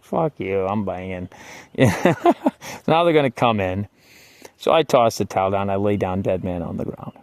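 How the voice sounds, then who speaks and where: Recorded dry, a lowish male voice tells a casual story about his own stint in jail. He wanders, curses, and keeps saying "like" and "you know," his wry tone flipping between hushed asides and angry bursts.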